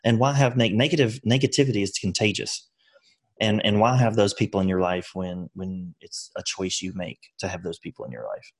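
A man's voice: fairly low pitch, a little fast. A man speaking as a podcast guest, giving earnest motivational advice with frequent restarts. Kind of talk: conversational interview.

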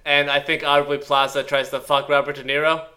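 Bright-voiced man riffing playfully. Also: a little high, little pitch movement, a little fast. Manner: playful, riffing, laughs often. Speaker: comedy podcast co-host. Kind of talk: casual comedic chat.

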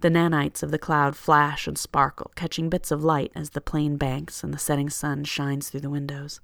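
Gravelly-voiced story reader. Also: medium pitch, monotone, normal speed, a bit bright, no room sound, studio quality. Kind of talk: second-person fiction narration.

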